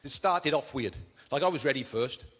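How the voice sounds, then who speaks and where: A man's voice: medium pitch, lively intonation, moderate pace, a bit bright, slightly rough, in a large hall. A male comedian and ventriloquist telling anecdotes in a chatty stand-up style on a large theatre stage, recorded live.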